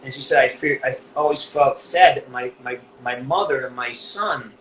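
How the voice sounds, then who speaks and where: A man's voice: mid-range voice, normal speed, a bit bright. A man who voices a game character, telling an emotional story in a casual interview, swearing freely and restarting often. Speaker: voice actor guest. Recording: echoey room with faint background noise.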